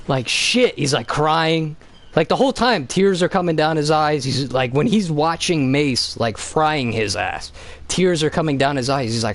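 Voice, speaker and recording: A man's voice: fairly high pitch, lively intonation, normal speed. Rambling, swearing male streamer. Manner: rambling, heavy swearing, lots of "like". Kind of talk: casual chat.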